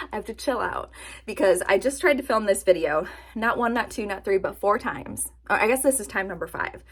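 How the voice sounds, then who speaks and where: A woman chatting casually to her camera in a vlog, animated and self-mocking, laughing at her own jokes. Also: medium pitch, normal speed, breathy edge. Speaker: vlogger. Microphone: camera-mounted or nearby mic, sitting to film.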